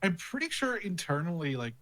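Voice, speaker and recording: A man's voice: sits high, big pitch swings, fairly quick, bright, forceful tone, slight background noise. A man co-hosting a podcast, teasing the others in casual chat. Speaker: podcast co-host.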